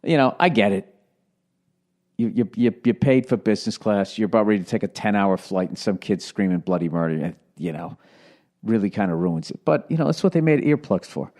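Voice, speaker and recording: A man in his forties hosts a casual solo podcast, his voice on the low side, a little mellow, animated and slightly quick. He has a Boston accent and rambles through stories with sarcasm, swearing freely as he goes.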